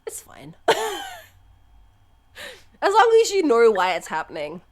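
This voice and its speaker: A young adult woman streaming live, chatting openly and swearing freely. Her pitch swings widely, and she often breaks into loud, high laughter between thoughts. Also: wildly swooping pitch, measured pace. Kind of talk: casual live-stream chat.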